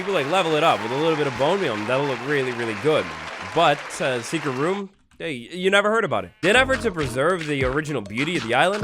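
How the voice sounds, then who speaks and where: A young man doing energetic, jokey commentary over his own game play, with bursts of mock drama. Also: a little high. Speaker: gaming YouTuber. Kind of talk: Minecraft let's-play commentary.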